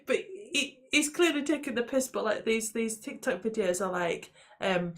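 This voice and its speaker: A woman's voice: fairly high pitch, animated, normal speed, few pauses, fairly bright tone. A woman co-hosting a casual podcast chat, teasing and laughing often. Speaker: podcast co-host.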